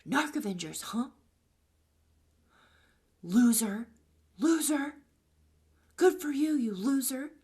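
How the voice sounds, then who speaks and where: A woman voicing her angry, insulting ex-husband, a middle-aged man who yells names and then sobs in self-pity. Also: medium pitch, expressive, a little slow, pauses often, slightly rough, full character voice. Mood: yelling, mocking.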